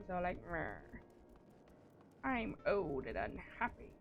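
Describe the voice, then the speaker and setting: A woman's voice: lowish voice, very animated, slow pace, lo-fi sound, slight background noise. An American woman chatting casually and joking at her own expense while live-streaming a game. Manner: chatty, rambling, self-deprecating jokes.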